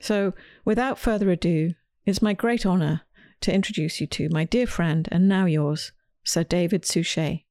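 A woman's voice: lowish voice, normal speed, hardly any pauses, darkish tone, no room sound. A woman podcast host and children's author, telling a scripted story with dry humor.

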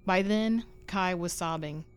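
A woman narrating a horror short story with measured, suspenseful delivery. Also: fairly low pitch, clean tone. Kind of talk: scripted narration.

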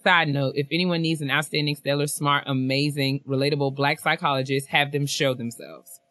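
A young woman co-hosting a casual chat show, reading listener emails aloud with lively asides and frequent laughter. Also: deep voice, fairly quick, no room sound. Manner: animated, laughs often, rambling asides. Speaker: podcast co-host.

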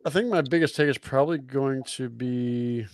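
A man talking as a podcast guest in casual chat, laid-back and quick to laugh. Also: medium pitch.

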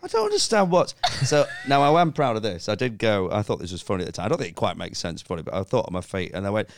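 A man's voice: lowish voice, huge pitch swings, fast, slight background noise. A man, a comedian guest, telling a story in casual chat, laughing and swearing often.

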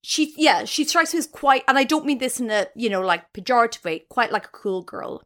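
A woman with a fairly high voice tells a story on a podcast, her pitch leaping all over as she goes. She talks in a chatty, animated way, full of fillers. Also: brisk. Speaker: podcast co-host. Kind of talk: storytelling chat.

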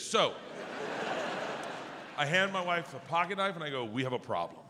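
A man doing stand-up storytelling on stage, animated and slipping into voices for the people he quotes. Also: a little high, normal speed, long pauses, heavy background noise. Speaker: stand-up comedian. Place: large theater stage before a live audience. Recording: live concert hall with long reverb.

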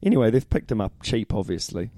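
A man's voice: fairly low pitch, big pitch swings, fast talker, mellow, dry recording, clean studio sound. A man co-hosting a casual rugby chat, laid-back and matey, calling his friend "mate". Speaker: podcast co-host.

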